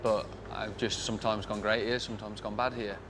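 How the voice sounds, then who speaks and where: A man from Britain, a motorcycle racer, answering an interview in a low-key, determined way. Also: flat delivery, fairly quick. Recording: noisy outdoor paddock interview.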